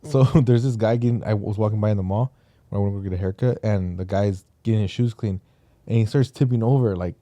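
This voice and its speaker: A man's voice: on the low side, fast, dry recording. A young man co-hosting a podcast, telling a story with lots of swearing in casual chat. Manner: animated storyteller, swears a lot. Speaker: podcast co-host.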